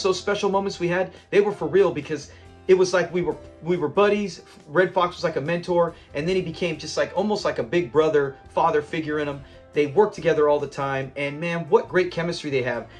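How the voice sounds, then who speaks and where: A man hosting a classic TV reaction channel, talking in an enthusiastic, rambling and sentimental way. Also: on the high side. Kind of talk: casual commentary.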